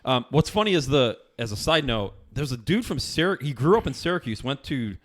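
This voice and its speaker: A man talks quickly in a casual podcast conversation, in a medium-pitched voice. He tells his stories with animation and mimics shouting fans loudly. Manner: animated storyteller, acts out quotes loudly. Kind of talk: casual chat.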